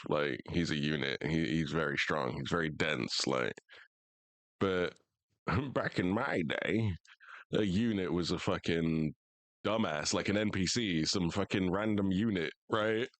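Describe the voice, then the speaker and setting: A man's voice: low voice, a bit bright, dry recording. A young American man streaming a game, chatting casually in profane, joking banter. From United States. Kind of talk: casual live gaming chat.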